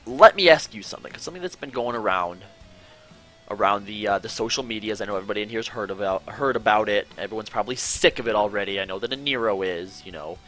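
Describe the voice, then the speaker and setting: A man's voice: on the low side, quick pace, faint music behind. A man hosting a casual online show, chatting and telling stories with frequent restarts and swearing. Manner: animated, swearing, rambling with restarts. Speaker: podcast host. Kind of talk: casual chat on a call.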